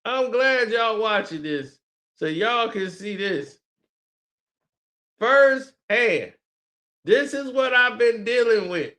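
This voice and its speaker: A man's voice: very high-pitched, lively intonation, takes it slowly, pauses often, sharp tone. A man streaming casual reaction commentary, mocking what he reads, swearing freely and laughing often.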